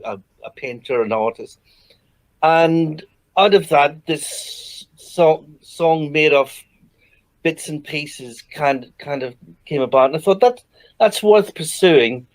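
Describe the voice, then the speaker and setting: A man from England, a singer-songwriter guest, explaining his song in a halting way with many restarts. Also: fairly high pitch, lively intonation. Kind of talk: interview answers.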